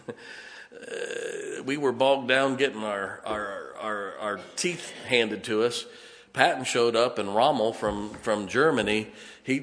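This pastor preaches a sermon in a medium-pitched, slightly bright voice, telling folksy stories and frequently correcting himself mid-sentence. A long hall reverb hangs over the recording.

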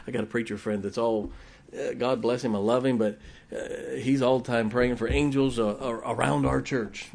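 Man, pastor, folksy joking sermon, bursts of shouting. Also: mid-range voice, brisk.

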